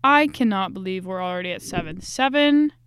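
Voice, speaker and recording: Young woman, podcast host, chatty and slangy, tired, smooth mid voice, dry closet recording. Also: medium pitch, expressive, fairly quick, fairly bright tone, no room sound. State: tired and stressed. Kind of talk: casual food review podcast. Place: small closet. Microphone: podcast microphone.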